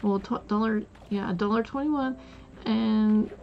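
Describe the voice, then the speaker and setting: A woman's voice: medium pitch, unhurried, dull audio, a little hiss or hum. A woman streamer chatting casually while playing a game, telling a rambling story full of "like" and restarts.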